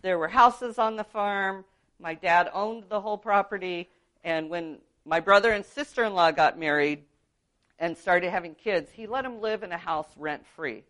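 A woman with a somewhat low speaking voice teaches biblical counseling. She talks earnestly and casually, checking in with her listeners as she goes. She sounds middle-aged and comes from California. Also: normal speed, fairly bright tone. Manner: earnest, conversational, frequent "um" and "right?". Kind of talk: teaching talk with personal testimony.

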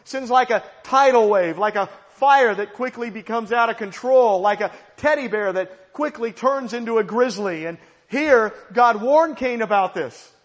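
A man's voice: very high voice, moderate pace, dull audio. A male pastor preaching a sermon with an emphatic, repetitive cadence, heard with long hall reverb.

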